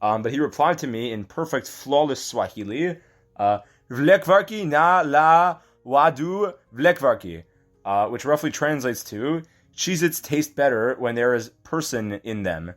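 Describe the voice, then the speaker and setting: A man telling an improvised comic story in a deadpan, halting way, full of fillers and restarts. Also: medium pitch.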